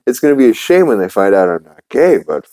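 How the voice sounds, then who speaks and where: A man's voice: mid-range voice, very animated, quick pace, creaky, mellow, no room sound, voice pushed up. A man voicing a naive, cheerful cartoon dad in a giddy tone.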